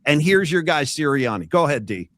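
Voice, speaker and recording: Lively talkative man hosting a podcast. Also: fairly high pitch, brisk, heavy background noise. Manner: animated storytelling, acting out quotes. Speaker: podcast host. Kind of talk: casual sports chat.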